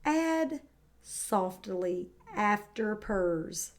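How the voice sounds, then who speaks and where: A kindergarten teacher speaks slowly and carefully, modeling each word for her young listeners. Her voice is fairly high and encouraging. She reads the story aloud with warm praise. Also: lively intonation. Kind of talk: read-aloud lesson for young children. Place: home, indoors.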